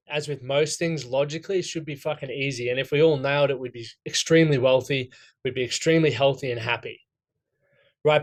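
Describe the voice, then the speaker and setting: Coaching a room of men on setting goals, this Australian speaks in a casual, blunt, straightforward way, tossing in a swear word now and then. His voice is a little high, and he keeps checking in with the group by asking "right?"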